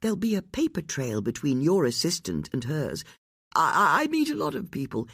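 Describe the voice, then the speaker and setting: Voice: medium pitch, wildly swooping pitch, normal speed, fairly bright tone, slightly rough, no room sound, clean studio sound, pitched above the performer's own voice, full character voice. A narrator doing a pompous, stammering lord. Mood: flustered. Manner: drawling, stammering. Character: pompous middle-aged lord, evasive and rattled.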